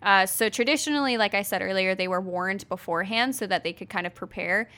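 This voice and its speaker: A woman co-hosting a podcast, recounting history in a relaxed chatty way with lots of fillers and casual swearing. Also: medium pitch, fast talker. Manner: laid-back, fillers and laughs, swears casually. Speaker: podcast co-host.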